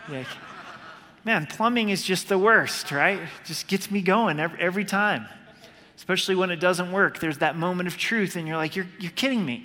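A male pastor preaching a sermon in a conversational way, slowing down when he quotes scripture. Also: high voice, sharp tone. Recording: long hall reverb.

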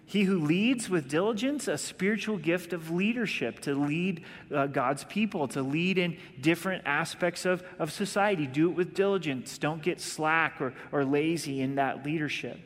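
A man's voice: on the high side, normal speed, few pauses. A male pastor preaching a sermon in a casual, conversational way, acting out little asides. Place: church sanctuary. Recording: long reverb of a large hall.

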